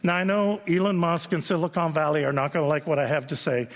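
Man, pastor, sermon, conversational storytelling, high voice, long hall reverb. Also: fairly even intonation, fast. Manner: conversational storytelling, frequent "right?" asides. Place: church sanctuary.

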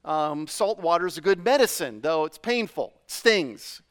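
A man's voice: fairly high pitch, sing-song, normal speed, fairly bright tone, clear, resonant tone. A middle-aged man from New England preaching a sermon in a loose, conversational way, full of fillers and questions to the congregation. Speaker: pastor.

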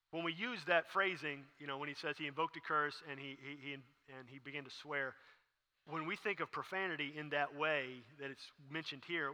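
Animated preacher in a reverberant hall. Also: male voice, a little high. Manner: animated, acting out the characters' lines. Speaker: pastor. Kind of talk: sermon.

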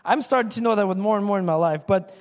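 A man preaching a sermon in a casual, animated way, acting out Bible characters in quick voices. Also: high voice, muffled recording. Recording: long hall reverb.

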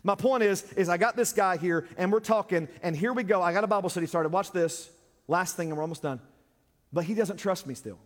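A man preaching as a pastor, plain-spoken and direct, his delivery swinging between loud emphatic lines and hushed ones. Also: high voice, brisk. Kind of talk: sermon. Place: church. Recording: long reverb of a church hall.

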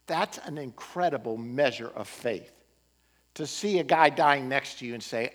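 Guy preaching a sermon, kinda high voice, swings his pitch around a lot. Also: normal speed. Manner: animated, rising and falling emphasis with occasional laughs. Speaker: pastor.

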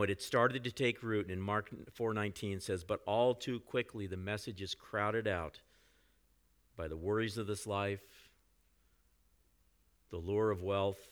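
A pastor preaching a sermon in a conversational way, with frequent asides to the congregation. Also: male voice, lowish voice, steady tone, measured pace, pauses often, a bit bright, smooth.

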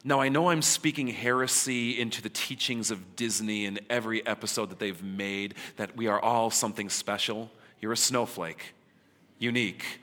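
Man preaching in a bright, echoing hall. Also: fairly low pitch, steady tone. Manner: conversational and emphatic, with dramatic pauses. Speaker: pastor. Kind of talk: sermon. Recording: long hall reverb.

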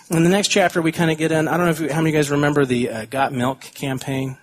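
A man preaching a sermon as pastor, chatting his way through side tangents and reading scripture slowly and deliberately. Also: on the high side, level tone. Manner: conversational, wanders into side tangents.

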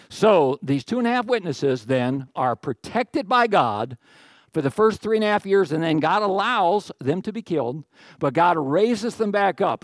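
A middle-aged man preaching a sermon, animated, with jokey asides and quoted voices acted out. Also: fairly high pitch, no echo, clean studio sound. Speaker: pastor.

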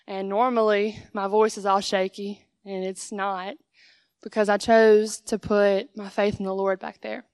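A woman's voice: medium pitch, flat delivery, unhurried, darkish tone, smooth, dry recording. A young woman giving a conversational sermon as a guest speaker in church, acting out little dialogues with God. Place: church sanctuary.

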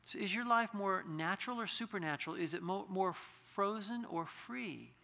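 A high, bright male voice preaching in a long-reverb church hall. He speaks earnestly and climbs into impassioned pleading, often restarting his phrases. The sound carries a lingering echo. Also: animated, normal speed, creaky. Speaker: pastor. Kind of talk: sermon.

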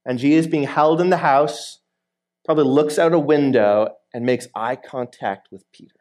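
A man's voice: medium pitch, normal speed, a little mellow. A man, a guest preacher, giving a sermon in a conversational way, reading a scripture passage and retelling its scenes as he takes on the voices of the people in them. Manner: conversational, asks the listeners questions.

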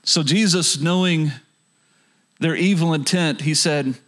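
A man's voice: on the high side, measured pace, a bit bright. A man preaching a sermon as pastor, earnest, with frequent stammered restarts and rhetorical questions to the audience.

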